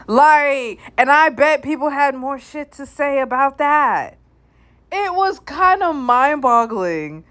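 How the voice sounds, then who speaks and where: A woman recounts online drama in a casual, gossipy storytime. Her pitch swings widely and sits a little high. She talks at a slow, drawn-out pace. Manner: animated, laughing often, gossipy.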